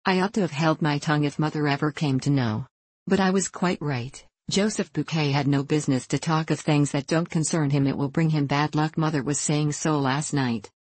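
A superstitious young ballet girl whispers a frightening secret in an anxious, hushed way, as a woman reads her lines aloud. The voice sits low, and the recording is close and dry with no room around it. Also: fairly even intonation, normal speed, slightly rough, no room sound. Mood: hushed, fearful.

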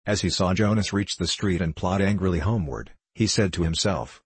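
A man narrates a storybook chapter in a very low, husky voice. The recording is dry and close, with no room sound. He reads the characters' lines evenly, without putting on voices. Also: a little fast, no room sound. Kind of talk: audiobook narration.

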